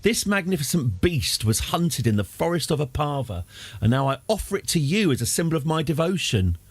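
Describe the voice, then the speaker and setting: A man's voice: a little high, sing-song, a little fast, husky, dry recording, voice pushed up. A man voicing a fawning male courtier who speaks in a grand, formal way. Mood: devoted.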